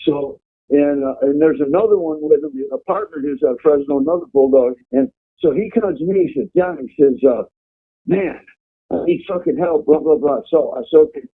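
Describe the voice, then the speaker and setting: A man's voice: fairly high pitch, moderate pace, breathy edge. A man telling rambling, profane stories as a guest in a casual chat. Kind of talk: casual storytelling. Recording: tinny phone line.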